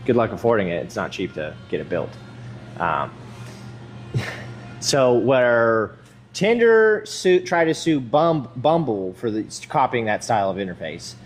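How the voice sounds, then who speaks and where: A man's voice: mid-range voice, expressive, normal speed, soft background music. Rambling, profane young man in a gym. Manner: profane, rambling, self-mocking. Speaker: vlogger. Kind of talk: casual chat while working out.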